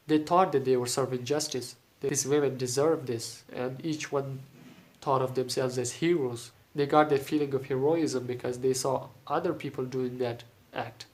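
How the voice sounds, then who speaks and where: A man with a cold, his voice nasal and stuffy, reads his own short story aloud. He then explains it in a slow, reflective way, with little rise and fall in his pitch. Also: a little mellow. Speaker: writer reading his own stories.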